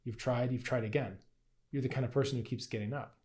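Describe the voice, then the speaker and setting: A man with a mid-range, darkish voice talks fast and keeps his intonation fairly even. He's a health and Qigong teacher giving a casual lesson to camera, often asking "right?" and acting out playful inner voices.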